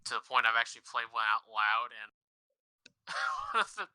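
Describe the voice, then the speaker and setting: Bright-voiced, laughing, swearing man. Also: mid-range voice, big pitch swings, normal speed, gravelly, smooth, dry recording, low-quality recording. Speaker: podcast host. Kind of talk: casual chat.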